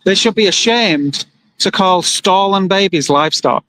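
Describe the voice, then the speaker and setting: Guy with a higher voice streaming on his phone outside, earnest, gets worked up, reads out comments. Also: a little slow, bright, forceful tone, rough recording. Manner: earnest, emotional, talks to viewers and reads comments aloud. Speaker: livestreamer at an animal rights vigil. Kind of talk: live-streamed casual monologue. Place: outdoors by a roadside with passing trucks.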